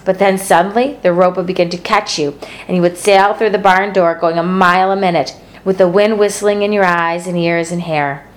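A woman's voice: fairly low pitch, steady tone, normal speed. Woman reading a children's story aloud. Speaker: storybook narrator.

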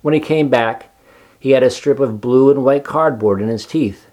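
A man reading a children's storybook aloud in a calm, measured way. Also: medium pitch. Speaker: narrator.

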